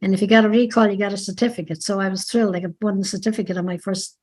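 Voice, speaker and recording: This older woman from Ireland has a husky, darkish, mid-range voice with a Dublin accent, talking rapid-fire in a steady tone. A dance teacher being interviewed, she rambles chattily through memories of her past, frequently stopping to correct herself partway through a sentence.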